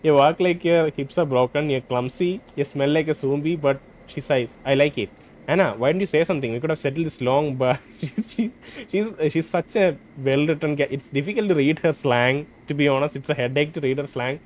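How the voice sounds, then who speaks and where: A man playing a role-playing game, reading its dialogue aloud and thinking out loud between lines. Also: a little high, normal speed, muffled recording, a little hiss or hum. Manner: hesitant, restarts and fillers, reads dialogue in plain voice. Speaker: gameplay streamer.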